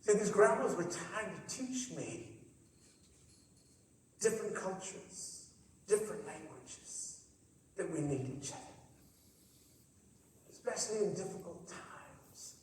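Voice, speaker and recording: Man, storytelling speech, animated, stumbling restarts, fairly high voice, big echoey hall, distant mic. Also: slow, pauses often, slight background noise. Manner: animated, repetitive, acts out voices. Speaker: forum speaker. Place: college theater stage.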